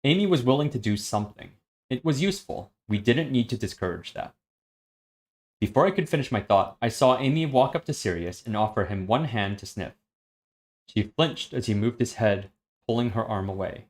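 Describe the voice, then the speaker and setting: A man reading a web serial aloud on a stream, steady and matter-of-fact. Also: mid-range voice, normal speed.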